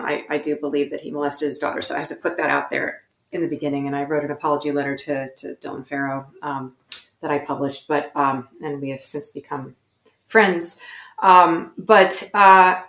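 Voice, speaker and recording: Low bright-toned woman, echoey room. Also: steady tone, normal speed. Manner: reflective, self-correcting storyteller. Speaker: guest actor. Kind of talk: interview conversation.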